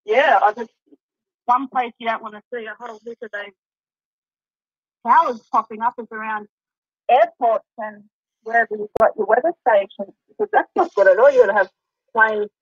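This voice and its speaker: A woman's voice: on the high side, moderate pace, pauses often, no echo. A woman with an Australian accent calling in to a talk show, chatting in a rambling, easygoing way and laughing easily. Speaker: caller. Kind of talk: casual call-in chat. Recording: dull distant phone-line sound.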